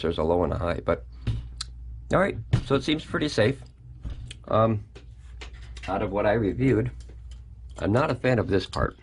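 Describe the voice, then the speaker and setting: A man's voice: medium pitch, slightly rough. A man hosting a casual product review vlog, chatty and folksy, talking straight to his viewers from a home kitchen.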